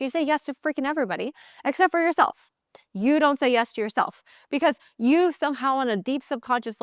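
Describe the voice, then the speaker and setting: A woman hosting a podcast, giving blunt, animated sales coaching in a casual motivational talk. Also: fairly high pitch, dry recording, clean studio sound. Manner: blunt, animated, mimics voices in quotes.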